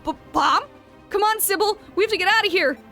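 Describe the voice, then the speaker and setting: A woman voicing a panicky young male surgeon who cries out in shrill, frightened bursts. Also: a little fast, bright, forceful tone, faint music behind, heavily acted. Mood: panicked.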